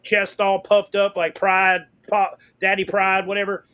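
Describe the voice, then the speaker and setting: A middle-aged man telling fishing stories in a casual interview, animated and swearing, acting out what people said. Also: sits high, a little slow, clear, resonant tone. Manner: animated, swearing, acts out quotes loudly. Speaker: guest.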